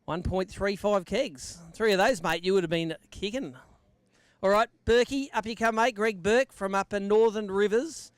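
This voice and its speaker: A man's voice: high voice, normal speed, clear, resonant tone, dry recording. An Australian man acting as MC at an outdoor fishing weigh-in, giving live commentary and bantering with the anglers.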